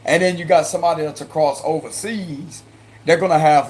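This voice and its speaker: A man with a Cajun accent talks through a tarot reading for his viewers. His voice sits a little high for a man, and he rambles, circles back over the same points and breaks into chuckling asides. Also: steady tone, fairly quick, darkish tone. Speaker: tarot reader.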